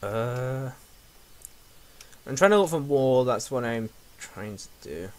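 A man's voice: medium pitch, expressive, takes it slowly. A young man talks his way through a video game, rambling and joking. He scolds and teases the characters on screen. His voice sits in an ordinary middle range for a man. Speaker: gamer. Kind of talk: casual let's play commentary.

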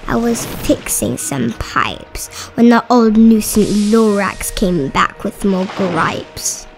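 Lady reading a kids rhyme book out loud, slow and singsongy, music in the background. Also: medium pitch, steady tone, vocal fry. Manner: rhythmic, sing-song rhyming delivery. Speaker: storybook reader. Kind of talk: children's book read-aloud.

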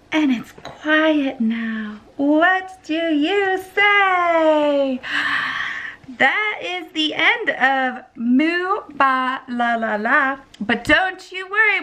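A woman's voice: high-pitched, lively intonation, slow pace, bright, forceful tone. A woman, a mother, reading picture books aloud to her toddler in a playful sing-song voice with animal noises.

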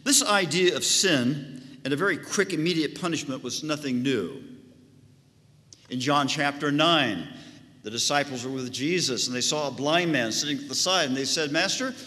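A man's voice: fairly high pitch, normal speed, pushed and bright. A male pastor preaching a sermon with an emphatic, rising and falling cadence. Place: church sanctuary. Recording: long church reverb.

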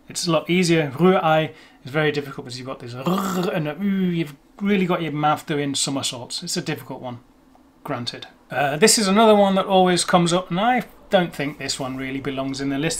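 An English-accented man talks through a pronunciation lesson in a relaxed, chatty way. His voice sits a little high for a man. He slows down to spell out tricky sounds and pokes fun at himself as he goes. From England. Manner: chatty, self-deprecating, slows to sound out words. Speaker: language teacher. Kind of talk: casual explanatory lesson.

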